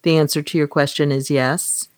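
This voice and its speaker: Calm wise robot barkeep, as a woman reads it out, steady matter-of-fact voice, fairly low, dry sound. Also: normal speed, no echo, lightly acted.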